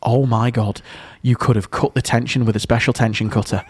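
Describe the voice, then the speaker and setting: A man hosting breakfast radio, jokey and quick in playful banter. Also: medium pitch, fairly even intonation, darkish tone, slightly rough.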